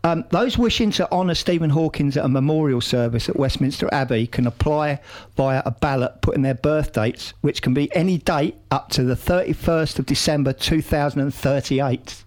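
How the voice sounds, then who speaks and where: A man's voice: fairly high pitch, moderate pace, hardly any pauses. A man hosting a radio show in casual banter, jokey and enthusiastic, often laughing.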